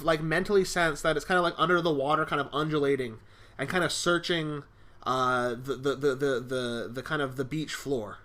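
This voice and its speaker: A man narrating a tabletop game as game master, animated and hesitant with many fillers. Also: fairly high pitch.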